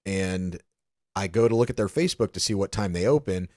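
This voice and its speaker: A man's voice: low-pitched, expressive, a little fast, a little mellow, no echo, studio quality. A young adult man from the American South co-hosting a podcast, telling a travel story in a casual, profane way. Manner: swears often, storytelling. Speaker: podcast co-host. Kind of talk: casual chat.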